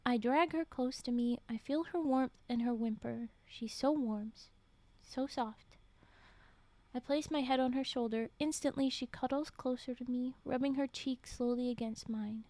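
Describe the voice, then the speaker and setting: A woman reads a story aloud on stream, voicing it expressively and breaking off into whispered reactions. Her voice sits high, and the close mic gives it a dry sound with no room around it. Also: moderate pace, dark tone, no echo. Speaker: streamer reading stories aloud. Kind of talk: dramatic reading with whispered asides.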